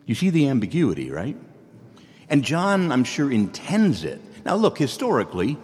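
A man's voice: medium pitch, wildly swooping pitch, moderate pace, darkish tone, big-room sound. A man preaching a sermon, earnest and pleading, who climbs to exclamations and then drops to near whispers.

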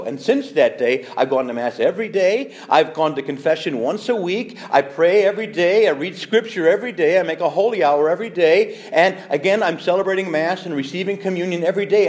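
A man in his fifties, a priest giving an animated, emphatic sermon with quoted asides. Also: high voice, fast, few pauses.

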